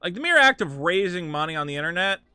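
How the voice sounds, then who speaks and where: A man's voice: sits high, very animated, fast, pushed and bright, clean tone, no room sound, faint music behind. A man hosting a live game stream, ranting with profane, sarcastic commentary from his home setup. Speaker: streamer host.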